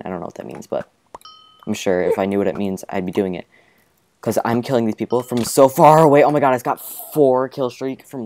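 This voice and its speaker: A young man hosting a gaming video, chatting casually and excitably over gameplay with frequent exclamations. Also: lowish voice. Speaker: gaming channel host.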